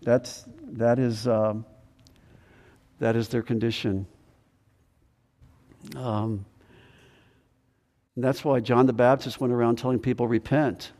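A man preaching a sermon as pastor, earnest and repetitive, dropping from loud to hushed. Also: mid-range voice, flat delivery, slow pace, long pauses. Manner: earnest preaching, repeats words, swings from loud to quiet. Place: church sanctuary. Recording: long hall reverb.

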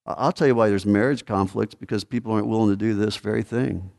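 A man's voice: fairly low pitch, steady tone, fast talker, vocal fry, a little mellow. A man preaching a sermon as a pastor, earnest and repetitive, rising to sudden emphatic peaks. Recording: long hall reverb.

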